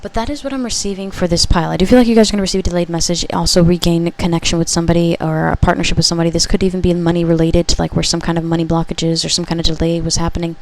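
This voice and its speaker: Speaking casually, a slightly low-voiced woman guides viewers through a pick-a-card group tarot reading. Her chatty delivery is full of "okay?" checks, and she often fixes her wording partway through a sentence.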